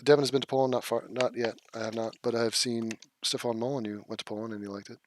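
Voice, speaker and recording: A man hosts a casual livestream, reading viewer comments and firing back in a blunt, scoffing, foul-mouthed way. His voice sits in an ordinary middle pitch for a man. The sound is close and dry, with no room around it. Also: flat delivery, fast talker, dry recording. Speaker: livestream host.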